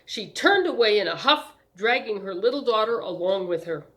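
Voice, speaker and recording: Woman storyteller, calm, measured, mid-pitched bedtime reading. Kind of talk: audiobook narration.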